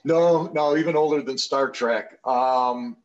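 An older man in his sixties sits in as a podcast guest and spins loose, rambling anecdotes, circling back with fillers and restarts. His mid-pitched voice comes through a slightly dull, lo-fi recording. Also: takes it slowly, a loud crowd. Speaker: podcast guest, former football player. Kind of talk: casual storytelling interview.

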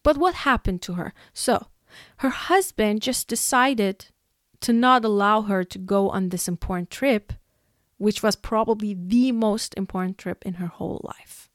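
A woman's voice: mid-range voice, a little slow, no echo, clean studio sound. A young woman from Iran giving an emotional, exasperated opinion monologue as a vlogger, sighing and laughing between points.

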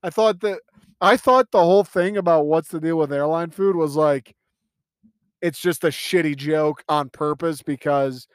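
A man's voice: on the high side, normal speed, smooth, dry recording. Incredulous profane young man ranting. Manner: profane, incredulous, rambling, laughs often. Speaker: podcast host. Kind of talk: casual solo podcast rant.

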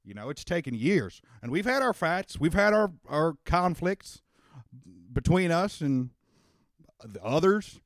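Man playing a dad turned stump speaker, folksy and rousing, lifted pitch and volume, dry close mic. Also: big pitch swings, measured pace, no room sound. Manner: folksy stump-speech oratory, crowd-rousing. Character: folksy rousing Texan father and politician, middle-aged man.

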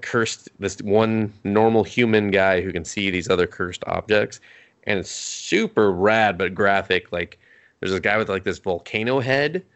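Young dude on a podcast, kinda low voice, rambling and cussing a lot while recapping stuff. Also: male voice, fairly bright tone. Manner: rambling, swears freely, retells scenes with quoted lines. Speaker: podcast co-host. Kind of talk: casual chat recapping anime.

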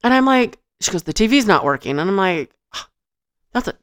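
A woman's voice: mid-range voice, very animated, fairly quick. A woman on a podcast telling a funny story in casual chat, acting out quotes, laughing often and swearing. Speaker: podcast co-host.

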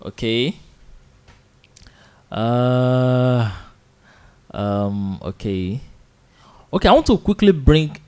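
A man hosting a live radio Arabic lesson, patiently repeating words slowly for listeners to drill and chuckling often. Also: mid-range voice, expressive, darkish tone, smooth. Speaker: radio Arabic teacher and host.

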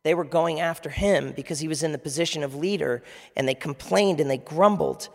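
A man's voice: on the high side, a little fast. A man preaching a conversational sermon as pastor, asking the audience questions. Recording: long reverb of a large hall.

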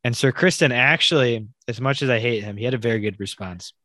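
A man in casual chat, excitedly retelling scenes from a fantasy series and rambling with frequent asides. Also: medium pitch, quick pace, no echo. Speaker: podcast co-host. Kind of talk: casual show recap chat.

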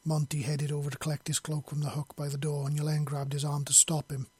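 A man narrating a fantasy story in a steady, measured read. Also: fairly high pitch, slightly rough, dry recording.

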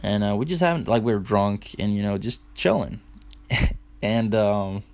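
Young male podcast host, slightly low voice, relaxed profane storytelling, lots of "dude". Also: a little slow. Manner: loose and profane, heavy on "dude" and "like". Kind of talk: casual storytelling monologue.

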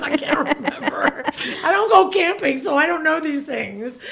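A woman guest telling stories in casual chat, animated and laughing, acting out her own panicked quotes with loud high yelps. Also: moderate pace, vocal fry. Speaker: podcast guest, former feature dancer.

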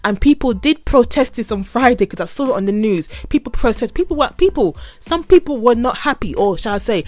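A woman's voice: medium pitch, a little mellow, no echo. A woman hosting a podcast, venting in a casual monologue with sarcastic, exasperated remarks and repeated phrases. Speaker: podcast host.

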